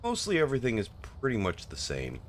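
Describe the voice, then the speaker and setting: A man casually commenting on his gameplay, relaxed and trailing off with fillers as he plays. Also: medium pitch, fairly quick, a little hiss or hum. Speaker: streamer playing a co-op game.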